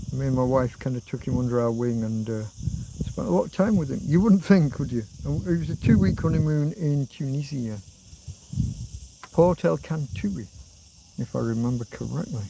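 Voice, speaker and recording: A man's voice: medium pitch, a little fast, gravelly, background noise. Rambling man hosting an outdoor livestream. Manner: meandering, reads viewer comments aloud and answers them. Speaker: livestream host. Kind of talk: rambling livestream chat reading comments. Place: outdoors in a rural spot.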